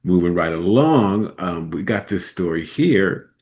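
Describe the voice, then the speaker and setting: Deep-voiced guy hosting his show, chill and chuckly, casual commentary. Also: expressive, a little slow, darkish tone. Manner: laid-back, chuckling asides. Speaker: podcast host.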